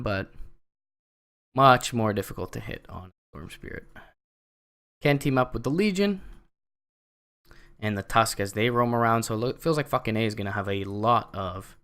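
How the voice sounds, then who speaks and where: A young man with a Canadian accent giving solo esports play-by-play commentary, chatty and relaxed with lots of fillers. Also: lowish voice, clear, resonant tone. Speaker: esports caster.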